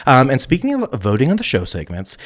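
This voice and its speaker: A young man hosts a live stream in a campy, giggly, sassy manner. His pitch is at an ordinary height but swings widely, jumping up into squeals and dropping down into murmurs. He talks casually and laughs often with his viewers. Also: huge pitch swings, fairly quick, fairly bright tone. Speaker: host of a live stream show.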